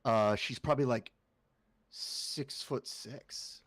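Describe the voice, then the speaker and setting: A man narrating as game master in a tabletop role-playing game, halting with many fillers. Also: medium pitch, dry recording.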